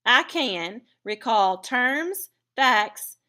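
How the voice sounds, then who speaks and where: A woman teaching a recorded writing lesson, explaining clearly and deliberately with occasional fillers. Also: a little high, expressive, sharp tone.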